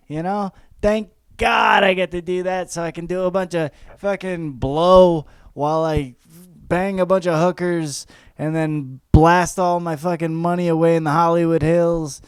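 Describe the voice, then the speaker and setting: A man's voice: high-pitched, a little mellow, clear, resonant tone, dry recording. A young man hosting a podcast and ranting for laughs, profane and rambling, often breaking into mocking voices. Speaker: podcast host. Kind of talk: comedic rant.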